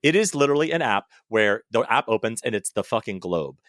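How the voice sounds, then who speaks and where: Animated, swearing man co-hosting a chat. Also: lowish voice, brisk, dry recording, studio quality. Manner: animated, swears freely, exclaims. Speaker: podcast co-host. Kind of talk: casual chat.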